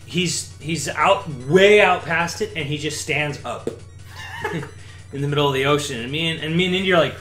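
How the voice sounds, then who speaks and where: A man's voice: fairly high pitch, moderate pace, a bit bright, faint music behind. A young man in casual chat, telling a vacation story in a rambling, laid-back way full of fillers.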